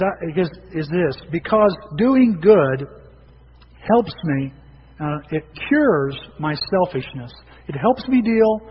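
A man preaching a sermon as pastor, animated, often repeating and restarting his words. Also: high-pitched, slight background noise. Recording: dull lo-fi sound with long hall reverb.

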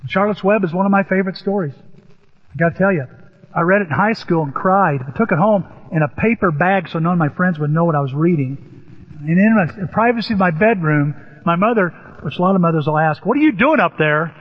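A man's voice: high-pitched, quick pace. An older man preaching a sermon, telling stories animatedly with sudden rises in his voice. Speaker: pastor. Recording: echoey hall, dull lo-fi sound.

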